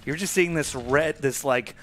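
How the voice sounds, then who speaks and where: A man running a tabletop game as game master, relaxed and playful, laughing often. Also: fairly high pitch, moderate pace, soft background music.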